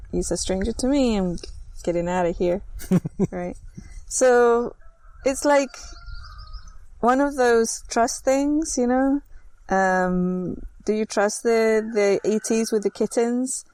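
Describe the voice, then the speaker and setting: Animated woman telling a story from Chile. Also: mid-range voice, a little slow. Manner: animated storyteller acting out quoted voices. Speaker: host. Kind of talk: casual storytelling chat.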